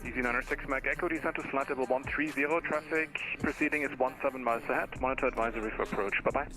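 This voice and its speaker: A man acting as air traffic controller, giving clipped, brisk radio calls in standard aviation phraseology. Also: medium pitch, over music, poor audio.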